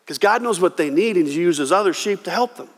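A man preaching a sermon as pastor, telling stories with lively acted-out quotes. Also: high voice, fairly quick. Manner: animated storytelling, acting out quoted voices. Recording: long hall reverb.

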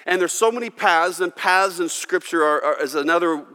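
A man preaching a sermon as pastor, swinging from loud emphasis to hushed, intimate tones and leading the congregation in reciting verses aloud. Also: high voice, normal speed, long reverb tail. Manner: leads the congregation in call-and-response recitation.

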